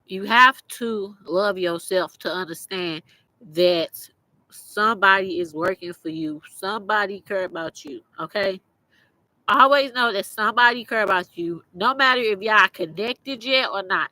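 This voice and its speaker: A woman's voice: medium pitch, normal speed, pushed and bright, dry recording, low-quality recording. A young adult woman, hosting a podcast and speaking teary-eyed, blunt, profane and rambling, with many restarts. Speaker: podcast host. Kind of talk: casual motivational monologue.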